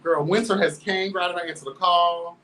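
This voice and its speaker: A man's voice: high voice, fairly quick, recorded from a distance, rough recording. Sassy, flamboyant man telling a story. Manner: sassy, flamboyant, calls listeners "girl" constantly; animated, laughs through the telling. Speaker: host. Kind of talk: candid storytelling commentary.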